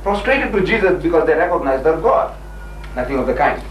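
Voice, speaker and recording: An older man argues with emphatic, animated energy and slips into voices for his quotes. His voice sits a little high. It comes from a distance in an echoey room, with faint noise underneath. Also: fairly quick. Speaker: Muslim debater. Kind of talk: lively debate with a missionary.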